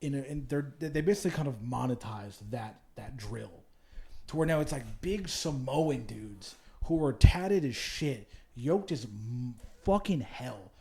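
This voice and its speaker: A man's voice: medium pitch, lively intonation, a little slow, gravelly, a little mellow. A young man co-hosting a podcast in casual chat, rambling, cursing and restarting his sentences. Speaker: podcast co-host.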